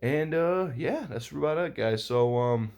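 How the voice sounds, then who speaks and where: A man's voice: on the high side, lively intonation, a little slow, vocal fry, a little mellow. A young man recapping a football game in a rambling, casual vlog, swearing a lot and using many fillers. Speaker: sports vlogger.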